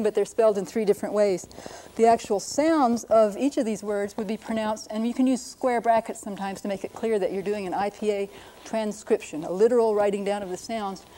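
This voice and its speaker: A woman linguist presenting a televised lesson, explaining briskly and sounding out words to demonstrate them. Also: mid-range voice, dark tone, a little hiss or hum, rough recording. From United States.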